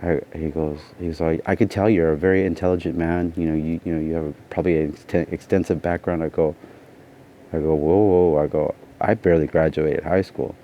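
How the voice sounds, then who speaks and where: A man's voice: very deep voice, steady tone, a little fast. A tired man telling a personal story in a casual vlog, rambling and saying "you know" constantly. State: tired from lack of sleep. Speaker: vlogger. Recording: dull lo-fi sound with faint noise.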